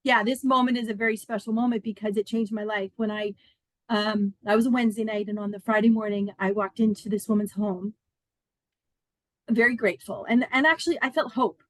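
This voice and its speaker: A woman in her fifties, a podcast guest, telling a personal story in an earnest, animated, chatty way with many fillers. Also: medium pitch, fairly quick, no echo.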